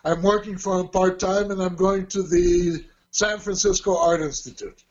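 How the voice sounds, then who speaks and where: A man's voice: sits high, steady tone, normal speed, lo-fi sound. A man in his sixties, an interview guest, telling long rambling stories with frequent chuckles and self-corrections. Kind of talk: casual storytelling.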